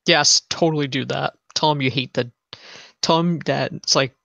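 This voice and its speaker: A man's voice: mid-range voice, steady tone, normal speed, gravelly, pushed and bright, no room sound, dull audio. A man playing a tabletop role-playing game, cracking jokes about the story. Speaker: player.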